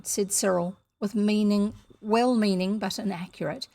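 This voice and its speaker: A woman's voice: medium pitch, normal speed, hardly any pauses, mellow. A woman from New Zealand with a New Zealand accent, reading a children's novel aloud with chatty asides. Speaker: audiobook reader.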